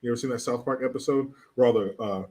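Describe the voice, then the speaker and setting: A man's voice: mid-range voice, quick pace, dark tone. A man hosting a casual livestream, reading viewer comments in a crude, mocking way and laughing often.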